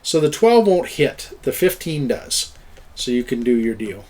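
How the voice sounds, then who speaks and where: A man's voice: medium pitch, big pitch swings, a little slow, crowd noise. A middle-aged man running an online tabletop game as game master, chatty and explaining, laughing often. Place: at home, online voice chat.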